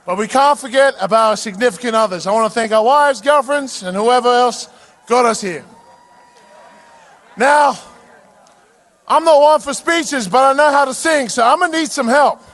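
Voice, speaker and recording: A football player giving a shouted victory speech to a parade crowd, leading a sing-along. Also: male voice, extremely high pitch. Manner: hypes up the crowd, drawn-out shouted singing.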